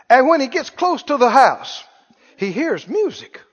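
A preacher giving a sermon, telling a story in a folksy way with lots of repetition. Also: male voice, very high-pitched, sing-song, slow, pauses often, breathy edge. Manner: folksy storytelling, acts out dialogue, repeats phrases. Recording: echoey hall, dull lo-fi sound.

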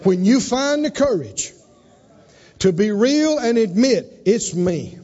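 Casting: emphatic man preaching, very high voice, echoing hall. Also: expressive, slow pace, warm tone. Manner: emphatic, call-and-response, dramatic swings in pitch and volume. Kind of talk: sermon. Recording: dull recording with long hall reverb.

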